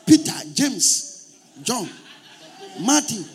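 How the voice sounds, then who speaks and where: A man's voice: very high-pitched, big pitch swings, very slow, a little hiss or hum, pitched above the performer's own voice, full character voice. A man voicing a sweet, pleading young woman on a phone call, coaxing and apologetic.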